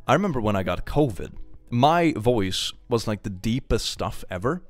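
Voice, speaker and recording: A playful man chats to his stream audience with a lively, wide-swinging delivery. His voice sits dry and close to the mic, with soft music under it. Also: medium pitch, normal speed, no echo. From Sweden. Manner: playful, animated, jokey. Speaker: live streamer. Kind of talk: casual live-stream chat, reading donations.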